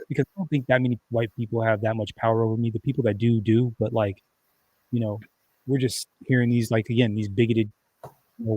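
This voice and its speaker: A man's voice: medium pitch, a little mellow, no echo. A man hosting a casual livestream, talking in a rambling, conversational way with many restarts and fillers. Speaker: livestream host.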